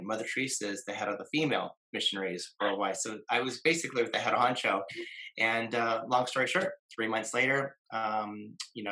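A man's voice: on the low side, pushed and bright, poor audio. A man in his fifties, a guest in conversation, telling a long story with many fillers and restarts and acting out the voices of people he quotes.

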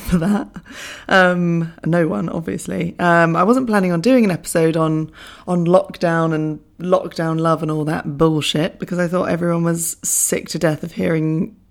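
A young woman hosting a podcast, talking casually with a hoarse, croaky voice from losing it, chatty and self-mocking, laughing often. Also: on the low side. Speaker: podcast host. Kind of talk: casual solo podcast chat.

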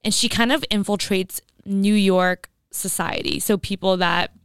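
A woman's voice: mid-range voice, steady tone, a little slow, clean tone, no room sound, studio quality. A young woman co-hosting a podcast, talking casually and leaning on "like" a lot. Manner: chatty, heavy use of "like". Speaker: podcast co-host. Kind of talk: casual chat.

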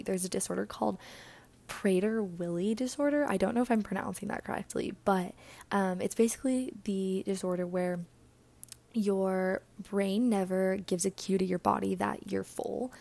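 Young woman chatting on her podcast, kinda breathy and out of breath, a little gravelly, mid pitch. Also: warm tone. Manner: chatty, earnest, many fillers and whispery trailing words. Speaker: podcast host. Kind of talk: casual solo podcast talk.

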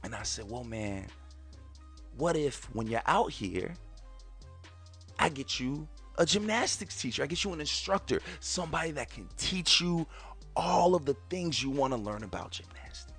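A man's voice: a little high, expressive, normal speed, creaky, faint music behind. A man in his thirties hosting a podcast, talking casually and emphatically to his listeners and repeating his phrases for effect. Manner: emphatic and repetitive, often addressing ladies and gentlemen. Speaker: podcast host.

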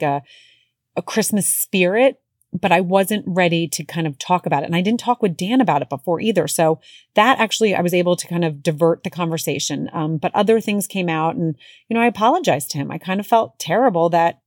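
Woman, podcast host, casual storytelling, chatty, many fillers, fairly low voice, dry close sound. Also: a little mellow, no room sound. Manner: chatty, lots of fillers and self-corrections.

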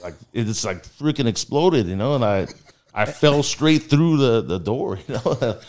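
A man's voice: mid-range voice, animated, unhurried, a little mellow. A man casually telling a story as a guest, rambling and full of filler words.

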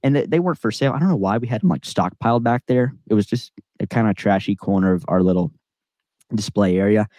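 A man's voice: on the low side, quick pace, mellow, no room sound. A young man on a podcast telling a long casual story, rambling with lots of fillers and acting out the people in it. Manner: rambling, filler-heavy, acts out quoted voices. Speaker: podcast co-host. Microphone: on-camera podcast mic.

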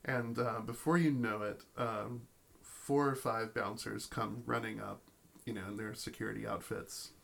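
A male game master narrates a tabletop campaign in a gravelly, creaky mid-range voice. He stumbles into restarts and fillers as he spins the scene. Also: on the low side, fairly even intonation, moderate pace, a bit bright. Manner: storytelling with many fillers and restarts.

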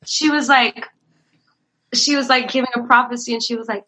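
A woman's voice: a little high, normal speed, long pauses, rough recording. A young woman in ministry telling funny church stories in casual chat, acting out quotes and laughing often. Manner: animated, acts out quotes in a raised voice, laughs often. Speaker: ministry worker, guest.

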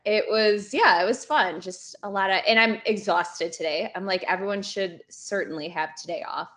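A woman's voice: medium pitch, normal speed, fairly bright tone. A young woman guesting on a podcast in casual chat, chatty with wry complaints.

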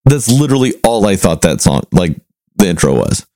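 Blunt, cursing man with a low voice. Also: big pitch swings, brisk, warm tone, no echo. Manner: blunt, profane, teasing. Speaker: podcast host. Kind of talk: casual chat.

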